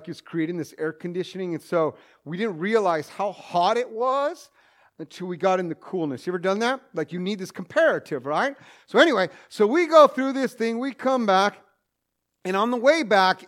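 A man's voice: high-pitched, expressive, moderate pace, fairly bright tone. A man telling a humorous personal story to an audience, self-mocking and full of joking asides.

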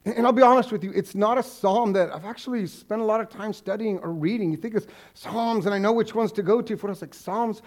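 A man's voice: high-pitched, quick pace, few pauses, a little mellow. A man preaching a sermon as pastor, in an earnest, heartfelt way.

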